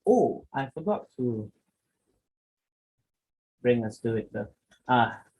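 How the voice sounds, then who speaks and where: Young male workshop presenter, slightly husky, lively and playful with demos. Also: medium pitch, slow pace, low-quality recording. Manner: animated, acts out example lines with exaggerated intonation. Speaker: public speaking workshop presenter. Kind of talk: lecture to students.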